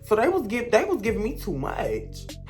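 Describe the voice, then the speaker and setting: A woman's voice: a little high, huge pitch swings, moderate pace, a little mellow, faint music behind. A young woman, telling a blunt, gossipy storytime rant as a vlogger.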